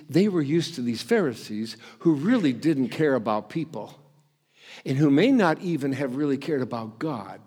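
A man preaching a sermon in a relaxed, conversational way, dropping in "you know" and stumbling over repeated words. His voice sits a little above the usual pitch for a man and swings up and down with animated emphasis.

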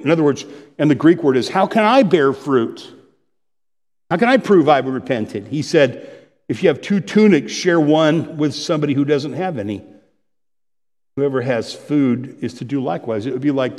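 A middle-aged man preaching in a relaxed, conversational way, slipping in asides and jokes at his own expense. His voice sits a little high for a man. It carries the long reverb of a church sanctuary. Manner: conversational, with asides and self-deprecating humor. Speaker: pastor. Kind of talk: sermon.

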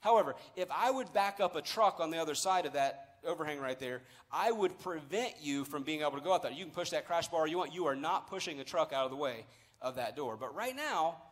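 Man, pastor, sermon in a church, high voice, emphatic, slow stressed phrases. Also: expressive. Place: church sanctuary.

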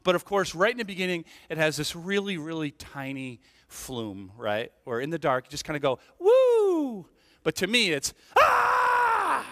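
A man's voice: on the high side, brisk, hardly any pauses. A middle-aged man preaching a sermon, telling stories with playful asides and checking in with the congregation. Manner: animated storytelling, playful asides, rhetorical "right?". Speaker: pastor. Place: church sanctuary. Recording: long reverb of a large hall.

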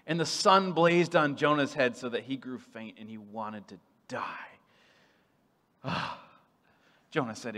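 A man preaching a sermon in a playful, animated way, swinging from loud bursts to hushed asides. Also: fairly high pitch, in a large hall.

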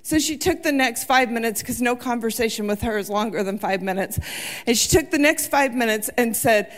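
A woman's voice: a little high, brisk. A woman in her forties giving a sermon, telling personal stories in an earnest, heartfelt way. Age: 40s. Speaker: church speaker.

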